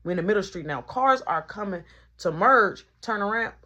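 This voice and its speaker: A woman telling a story in a casual storytime monologue, animated and full of sound effects. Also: fairly quick, muffled recording. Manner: animated, punctuates with sound effects like boom and boop.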